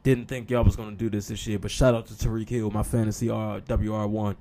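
A man's voice: on the low side, level tone, brisk, mellow. A man hosting a sports talk show, speaking casually with sarcastic, mock-apologetic humor and frequent y'all.

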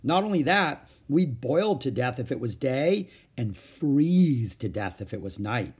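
A man's voice: mid-range voice, very animated, measured pace, a little mellow, husky, exaggerated voice. A man voicing a cautious, bookish young boy who sounds reluctant and worried in a storybook reading. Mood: explaining.

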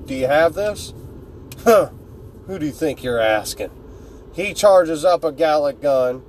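A man's voice: on the high side, warm tone, a little hiss or hum. A man casually retelling a fan story, joking and swearing freely as he goes. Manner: laid-back, joking, swears freely, loses his words.

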